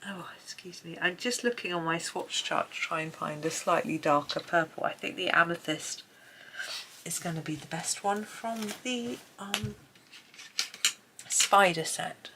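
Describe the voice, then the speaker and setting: Low gravelly British woman, chatty. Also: unhurried, a little hiss or hum, low-quality recording. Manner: chatty, soft-spoken, drifts into murmured asides. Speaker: colouring video creator. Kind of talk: casual narration while colouring.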